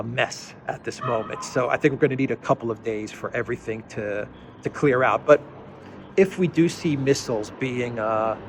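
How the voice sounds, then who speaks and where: A man's voice: mid-range voice, a little hiss or hum. A man hosting an unscripted commentary monologue, hesitant with frequent restarts and fillers, then emphatic on his key points. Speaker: political commentary host.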